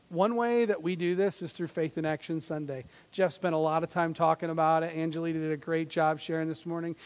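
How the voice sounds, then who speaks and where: A man's voice: sits high, in a large hall. A man preaching a sermon as pastor, earnest and conversational, with fillers and restarts.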